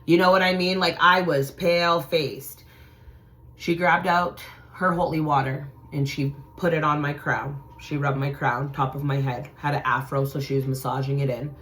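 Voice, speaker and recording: Woman storyteller, low voice, intense, swears a lot. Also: fairly even intonation, normal speed, fairly bright tone. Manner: intense, profane, dramatic. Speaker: channel host. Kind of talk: storytelling vlog.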